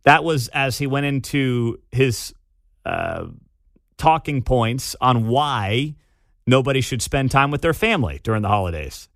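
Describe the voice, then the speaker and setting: A man's voice: mid-range voice, lively intonation, a little slow, creaky, fairly bright tone, no room sound, studio quality. Sarcastic man hosting talk radio. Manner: sarcastic, scornful. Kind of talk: opinionated talk radio monologue. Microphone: studio microphone.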